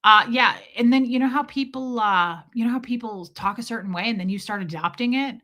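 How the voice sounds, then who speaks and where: A woman from Nebraska telling a self-deprecating travel story on a live stream in a casual, animated way. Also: fairly high pitch, fairly quick. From Omaha, Nebraska, USA.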